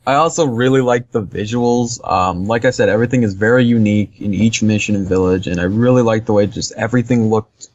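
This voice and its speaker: A man's voice: lowish voice, a little fast, few pauses, no echo. Guy rambling about a game on a podcast, lots of ums, sounds a bit dull and dry. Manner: rambling, filler-heavy, laughs easily. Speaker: podcast co-host reviewing a game. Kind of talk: casual chat.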